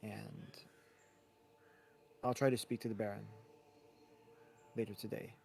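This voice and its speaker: A man voicing a kindly, tired middle-aged priest who speaks in halting, stammering sentences full of gentle concern. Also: lowish voice, flat delivery, creaky, slight background noise. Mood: consoling. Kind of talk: tabletop role-play in character.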